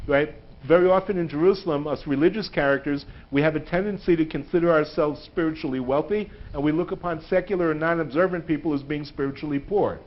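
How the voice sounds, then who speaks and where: A man with a somewhat high voice gives an animated, humorous lecture in a synagogue hall. He keeps checking in with his listeners. The recording is dull and lo-fi, like a livestream. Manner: animated storyteller, often adds "right?". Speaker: teacher lecturing a synagogue audience.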